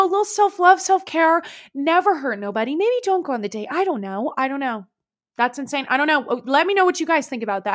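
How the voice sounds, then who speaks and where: Animated young woman reading stories aloud. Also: high voice. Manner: animated, swears freely, laughs and reacts loudly between read passages. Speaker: podcast host reading listener stories. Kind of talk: casual storytelling chat.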